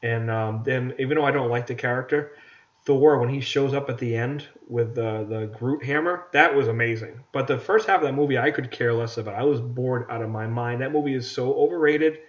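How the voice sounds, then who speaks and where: A man's voice: medium pitch, a little fast. Ranting man on a lo-fi podcast. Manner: ranting, repeats words, acts out movie lines. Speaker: podcast co-host. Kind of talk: casual podcast chat. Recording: dull lo-fi podcast audio.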